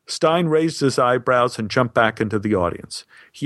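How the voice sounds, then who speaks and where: A man recounting a personal story in a wry, deadpan way, with a middle-pitched voice. The recording is dry and close, with no room sound. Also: normal speed, few pauses, dry recording.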